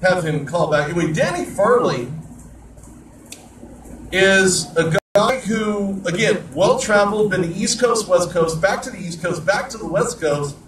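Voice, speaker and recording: A man hosting a sports talk radio show, rambling in an animated way between topics. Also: high-pitched, measured pace, roomy sound, distant mic, noisy background. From Southern California. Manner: rambling, animated host patter.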